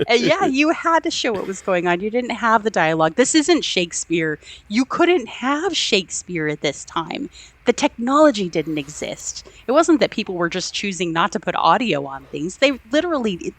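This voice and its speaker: A woman's voice: medium pitch, very animated, normal speed, few pauses, fairly bright tone. A woman co-hosting a podcast, enthusiastically retelling film scenes with acted-out quotes and frequent laughter. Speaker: podcast co-host. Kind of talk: casual film discussion.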